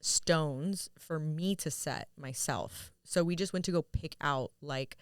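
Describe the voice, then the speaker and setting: A young woman guesting on a podcast, telling a story casually and lively, acting out quotes and swearing freely. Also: low voice, takes it slowly, clear, resonant tone, dry recording, clean studio sound. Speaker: podcast guest, jewelry store owner.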